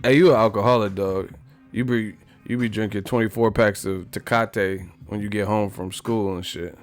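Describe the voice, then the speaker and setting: A man's voice: lowish voice, steady tone, normal speed, faint music behind. A man hosting a live stream, chatting casually with his viewers in a joking, profane way and laughing often. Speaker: live stream host reading chat. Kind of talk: casual chat.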